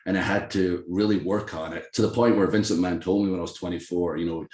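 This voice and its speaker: In an echoey room, a Scottish professional wrestler with a very low voice talks fast during a relaxed interview. Though his accent has been softened, it's still clearly Scottish. Laughing often, he tells stories with animated self-deprecation and acts out quoted voices.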